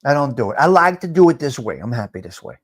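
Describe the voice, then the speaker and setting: A man's voice: medium pitch, big pitch swings, fast talker. A middle-aged man hosting a casual live chat, teasing viewers, repeating himself and dropping Italian phrases. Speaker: livestream host.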